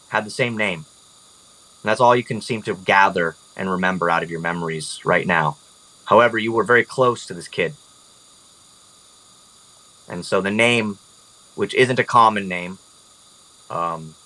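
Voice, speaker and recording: Bright-voiced man running a tabletop game. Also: lowish voice, rough recording. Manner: casual, laughing, filler-heavy. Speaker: game master.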